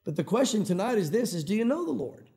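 A man with a Tennessee accent preaches, talking fast and earnestly in a conversational way. His voice sits high for a man. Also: sing-song, vocal fry, warm tone. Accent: Tennessee Southern. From Tennessee, US South. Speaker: pastor. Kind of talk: evening sermon.

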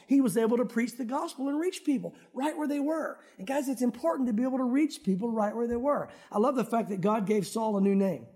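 A man's voice: very high-pitched, warm tone. A male pastor preaching a sermon in church, conversational, with joking asides to the congregation. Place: church sanctuary.

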